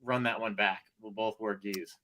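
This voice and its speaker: A man, an author and jiu-jitsu instructor, chatting casually as a podcast guest, animated and laughing a lot. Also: fairly low pitch, moderate pace. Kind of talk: casual interview chat.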